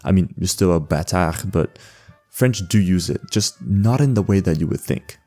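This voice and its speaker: A man's voice: low-pitched, expressive, moderate pace, mellow. A young man, hosting a comedic voice-over explainer, sarcastic and joking, often laughing mid-sentence. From Canada. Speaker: language-learning video host. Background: faint background music.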